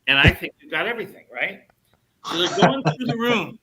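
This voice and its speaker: An older man telling a long anecdote in casual podcast chat, animated and swearing freely as he acts out what people said. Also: sits high, fairly quick, noisy background. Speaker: podcast guest storyteller.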